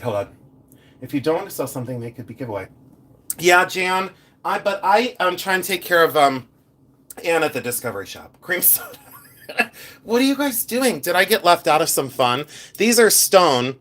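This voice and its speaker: A man's voice: on the high side, fairly bright tone. Chatty, playful middle-aged man live-streaming. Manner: chatty, playful, scattered, laughs often. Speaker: live-stream jewelry reseller. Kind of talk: casual live-stream chat.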